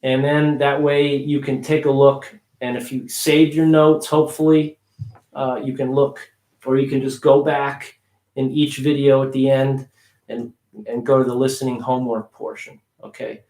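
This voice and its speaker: A man teaching English pronunciation on a livestream, repeating words slowly for practice. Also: mid-range voice, flat delivery, a little mellow, reverberant.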